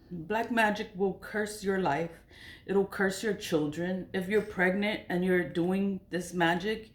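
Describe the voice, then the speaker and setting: A middle-aged woman talking casually in a spiritual vlog, animated, laughing often and swearing freely. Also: mid-range voice, reverberant. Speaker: spiritual product seller.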